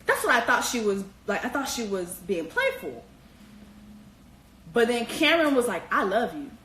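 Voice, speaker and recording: Woman host, casual slangy gossip, profane, animated, higher voice, echoey room. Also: moderate pace, a little hiss or hum. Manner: animated, slangy and profane, with high-pitched exclamations. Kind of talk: casual reality-TV commentary.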